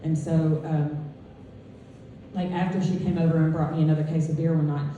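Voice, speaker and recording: A woman performing stand-up on a club stage, telling stories with deadpan punchlines. Her voice is low and mellow. The sound is very echoey and picked up from a distance. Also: moderate pace, lo-fi sound, slight background noise. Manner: conversational storytelling, deadpan punchlines. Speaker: stand-up comedian. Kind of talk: stand-up comedy set. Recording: echoey club heard from far off. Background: audience laughter.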